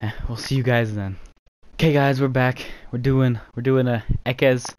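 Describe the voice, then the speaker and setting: A man's voice: mid-range voice, fairly even intonation, moderate pace, a little mellow, dry recording. Man, gaming host, casual chat, self-mocking, giggly, dry sound. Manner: giggly, self-mocking, says "you know" often.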